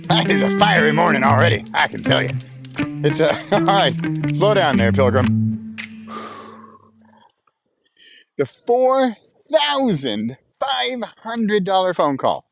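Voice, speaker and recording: Hyped-up man with a lively voice. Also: fairly high pitch, slightly rough, no echo. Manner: hyped up, playful and exclamatory. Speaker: vlogger. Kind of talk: casual morning vlog. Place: outdoors by a small pond. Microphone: Bluetooth headphones.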